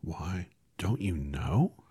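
A man's voice: low-pitched, sing-song, very slow, warm tone, slightly rough, no room sound, voice pushed up, full character voice. A man voicing a polite, kind young girl while reading a storybook aloud. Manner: polite, sympathetic.

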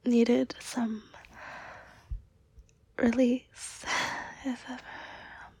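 Breathy whispering woman, slow and flirty. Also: fairly high pitch, little pitch movement. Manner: flirtatious and giggly, soft and hesitant. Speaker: audio role-play performer. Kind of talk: whispered role-play.

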